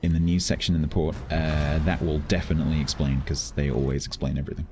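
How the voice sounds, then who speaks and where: A man with a remarkably deep, low voice talks a newcomer through a game on a live stream. He explains patiently, piling up "like" as he goes, with a faint hiss behind him. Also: little pitch movement, fast talker. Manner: patient, explains step by step with lots of "like". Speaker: streamer teaching a new player. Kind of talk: casual explanatory game coaching.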